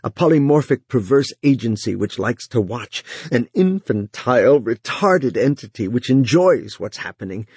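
A man's voice: medium pitch, very animated, normal speed, few pauses, darkish tone, husky, no room sound. A man voicing an exhausted, dying man who speaks in weary, strained lines.

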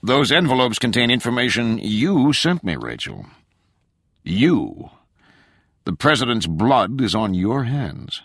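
A man reading an audiobook, voicing a middle-aged politician who speaks in a smooth, condescending, controlled way. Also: mid-range voice, very animated, slow, a bit bright, no room sound, pitched above the performer's own voice, heavily acted. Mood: cold, smug. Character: middle-aged male politician, smug, cold and scheming.

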